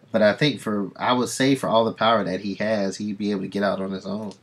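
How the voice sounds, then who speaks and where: A man's voice: lowish voice, steady tone, moderate pace, slightly rough. A man streaming, casually reading comics aloud and chatting about them, rambling as he thinks aloud.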